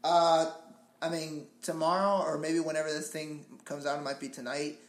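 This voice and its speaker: A man's voice: on the high side, flat delivery, normal speed. A man co-hosting a casual podcast, rambling and hesitant with a joking manner. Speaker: podcast co-host and improv performer. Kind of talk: casual chat. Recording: echoey room.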